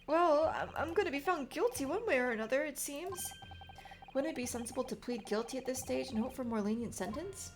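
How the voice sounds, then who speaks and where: Woman as scared young defendant, slightly high, worried. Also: expressive, a little fast, background noise. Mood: anxious. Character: nervous young male defendant turned lawyer.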